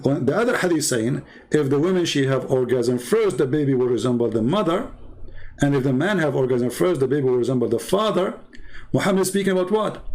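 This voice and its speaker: Insistent man debating, slightly high voice. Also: a little mellow. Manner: insistent, repeats himself, reads texts aloud and translates. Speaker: debate host. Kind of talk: heated religious debate.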